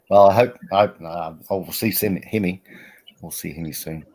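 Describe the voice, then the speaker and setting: A man's voice: deep voice, a little mellow. A man, chatting casually on a group stream, protesting and laughing as he tells rambling stories. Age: 40s. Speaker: regular on a livestream chat.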